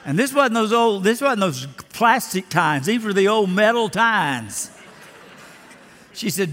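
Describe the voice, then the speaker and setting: An older pastor from Alabama preaching a sermon with a somewhat high voice. He tells homespun stories and acts out the voices in them, and a long reverb trails his words through the sanctuary. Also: expressive, a little slow, fairly bright tone, faint music behind. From Lower Alabama. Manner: folksy storytelling, acting out voices in stories.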